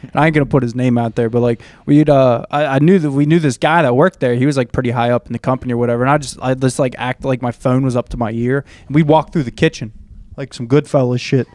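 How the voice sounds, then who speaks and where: A man's voice: mid-range voice, fairly even intonation, fast talker, a little mellow, dry recording. A young man telling loose, rambling stories on a podcast, full of fillers and swearing. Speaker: podcast host. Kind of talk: casual storytelling chat.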